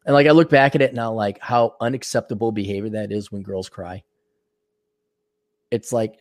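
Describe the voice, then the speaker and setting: An older man hosting a podcast while sick, clearing his throat often, ranting sarcastically and profanely and reading out donor messages. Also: fairly low pitch, fairly even intonation, normal speed, long pauses, no echo, studio quality. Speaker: podcast host. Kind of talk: casual ranting monologue.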